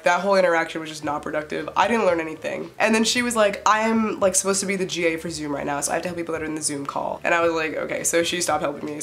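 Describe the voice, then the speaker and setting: Young woman vlogger, quick, slightly low voice, chatty storytime delivery with lots of fillers. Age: young adult. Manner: chatty, filler-heavy, animated retelling with quoted dialogue. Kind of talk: casual storytime. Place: her bed, for a short add-on.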